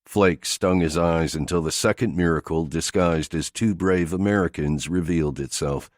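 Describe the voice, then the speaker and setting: A man narrating an action thriller audiobook in a steady, gritty delivery. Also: low-pitched, moderate pace, no echo, clean studio sound.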